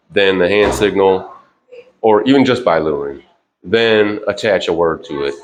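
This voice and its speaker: A very low-voiced man talks through dog training in a loose, casual way, full of "you know" and "like". His commands to the dog come out short, a bit louder and sharper than the rest of his speech. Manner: relaxed, rambling with fillers, sharp higher commands to the dog. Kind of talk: casual instructional talk. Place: indoors with a dog.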